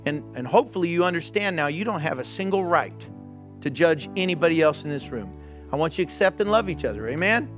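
A man's voice: a little high, expressive, quick pace, fairly bright tone, soft background music. A man preaching a sermon as pastor, earnest and exhorting, speaking straight to his congregation. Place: church.

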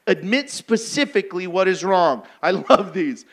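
A man's voice: high voice, very animated, moderate pace. A man preaching a sermon in a blunt, emphatic, exhorting way.

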